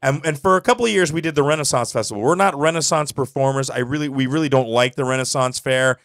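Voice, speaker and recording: Male host, quick rambling delivery, dry close studio sound. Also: mid-range voice, a bit bright, no echo. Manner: rambling, restarts a lot, laughs often. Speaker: show host. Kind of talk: casual radio show chat.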